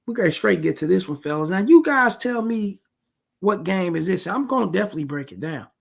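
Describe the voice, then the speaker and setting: A man with a husky, raspy voice and a gravelly edge delivers casual dating-advice commentary. He talks slangy and emphatic, constantly addressing his listeners as fellas and bro. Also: high voice, expressive, a little fast.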